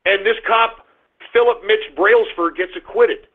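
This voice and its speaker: A man's voice: high voice, a little slow, creaky. Ranting man on a tinny line. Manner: ranting, profane, loud outbursts. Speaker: radio show host. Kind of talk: call-in talk radio monologue. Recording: tinny phone-line sound.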